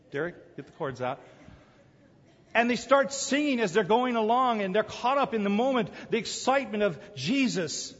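Male preacher, fairly high, husky voice; animated storyteller; dull recording with long hall reverb. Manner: animated storytelling, acts out the crowd's voices, laughs often. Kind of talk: sermon.

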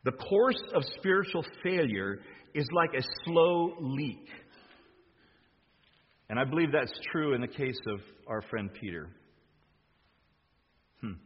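A man's voice: mid-range voice, animated, slow pace, long pauses, slight background noise. A man preaching a sermon, emphatic, acting out quoted lines with rising force. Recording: dull sound with long hall reverb.

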